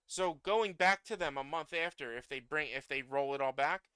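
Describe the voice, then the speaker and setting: A fired-up man with a bright, crisp voice that sits a little high for a man. He goes on an angry, profane rant, dropping quiet and then climbing to loud outbursts. The sound is dry and close to the mic. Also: moderate pace, no room sound. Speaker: streamer. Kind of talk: political rant.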